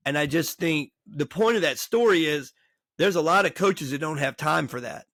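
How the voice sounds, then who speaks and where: Gravelly-voiced man telling coaching stories. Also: fairly high pitch, moderate pace, dry recording, clean studio sound. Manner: animated storyteller acting out quoted dialogue. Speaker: podcast host and baseball coach. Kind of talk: storytelling in casual interview chat.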